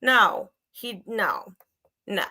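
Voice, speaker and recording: A woman's voice: mid-range voice, big pitch swings, drawn-out words, pushed and bright, slightly rough. A woman in her forties hosting a casual livestream chat, speaking candidly and emotionally, swearing freely and rambling as she talks to her viewers. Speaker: channel host.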